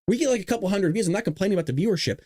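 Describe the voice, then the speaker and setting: A man's voice: high-pitched, animated, racing, warm tone, no echo. A man hosting a political livestream and ranting heatedly, with a lot of swearing, recorded in a small closet. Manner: fired-up, profane, ranting. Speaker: host of a political livestream show. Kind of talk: live-streamed rant.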